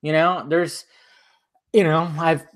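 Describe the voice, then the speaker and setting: A man's voice: on the high side, flat delivery, slow pace. Profane, casual male streamer. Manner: loose, profane, drinking while talking. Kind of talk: casual live-stream chat.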